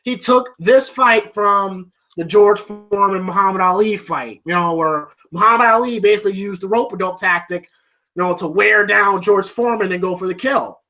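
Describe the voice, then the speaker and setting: Excitable male reviewer, bright edgy voice, curses freely, dull lo-fi sound. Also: high-pitched, moderate pace, faint music behind. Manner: excitable, profane, heavy on fillers. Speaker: film reviewer. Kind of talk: casual film review vlog.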